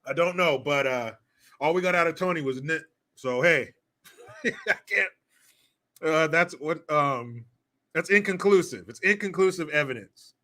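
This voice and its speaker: A man hosting a casual commentary vlog in a bright, forward voice pitched a little above the usual. He talks with a sarcastic, mocking edge, swears freely and breaks into laughter often. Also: measured pace, pauses often. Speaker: host.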